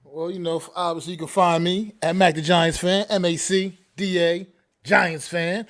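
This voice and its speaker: A man's voice: sits high, level tone, normal speed, fairly bright tone. A man co-hosting a sports podcast, hyping the audience and talking to them as folks and y'all. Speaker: podcast co-host. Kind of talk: casual sports podcast outro.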